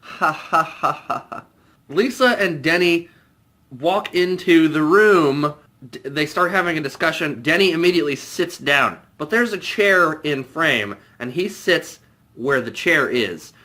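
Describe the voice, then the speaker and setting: A man's voice: a little high, animated, a little slow, sharp tone. A young man giving a comedic spoiler review of a film, incredulous and mocking, often breaking into laughter. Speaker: movie reviewer.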